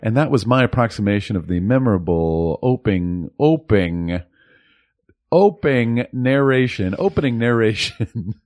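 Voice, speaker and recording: A man's voice: fairly low pitch, lively intonation, moderate pace, darkish tone, dry recording, clean studio sound. A man co-hosting a casual movie podcast, rambling a little with fillers and restarts. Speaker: podcast co-host.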